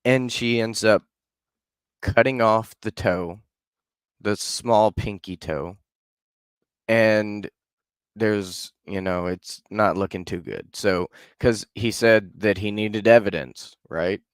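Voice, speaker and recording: A man tells an old legend in a loose, chatty way, full of fillers and asides. His voice is deep and smooth with a resonant tone. The sound is dry and close, with no room around it. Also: slow, dry recording. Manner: loose and conversational, hedging with fillers. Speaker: podcast storyteller. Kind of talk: casual storytelling.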